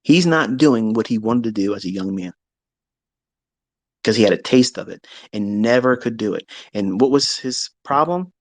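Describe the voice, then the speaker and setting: A man's voice: lowish voice, moderate pace, no echo, rough recording. Blunt, swearing man telling a story. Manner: blunt and profane, animated retelling. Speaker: trading educator. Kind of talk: candid personal storytelling.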